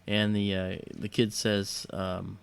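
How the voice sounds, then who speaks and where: A man's voice: fairly low pitch, flat delivery, takes it slowly, vocal fry, clean tone. A man hosting a livestream, telling a story casually in a hesitant way full of fillers and restarts. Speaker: livestream host.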